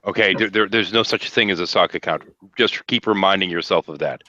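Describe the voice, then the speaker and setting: A man's voice: low-pitched, brisk, bright, forceful tone, no room sound. A man joking playfully in a casual group chat over a video call. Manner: playful, jokey. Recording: dry, dull call audio.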